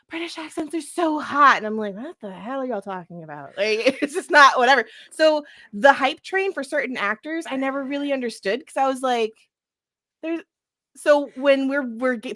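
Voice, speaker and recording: A woman's voice: high-pitched, moderate pace, a bit bright. A young woman chatting animatedly as a podcast co-host and game master, laughing often. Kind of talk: casual chat.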